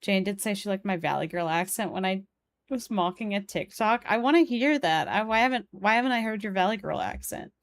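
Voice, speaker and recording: A woman's voice: mid-range voice, lively intonation, fairly quick, no echo. A young woman with a Polish accent, streaming a puzzle game and chatting as she plays, reading the game's text and viewers' messages aloud. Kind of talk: live game stream commentary.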